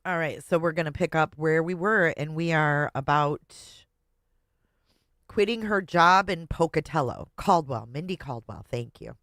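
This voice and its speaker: A woman's voice: low-pitched, a little slow, a bit bright, no room sound, clean studio sound. A woman hosting a livestream, chatting with viewers and making sarcastic asides as she reacts to a podcast. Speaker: livestream host.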